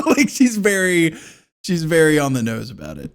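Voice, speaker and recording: A man's voice: on the high side, big pitch swings, a little slow. A man co-hosting a podcast in casual chat, crude and rambling, laughing as he riffs. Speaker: podcast co-host.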